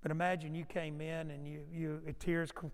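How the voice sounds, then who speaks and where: A male pastor preaching a sermon, moving from loud urgent passages to low hushed asides. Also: level tone, moderate pace, smooth. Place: church sanctuary. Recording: long hall reverb.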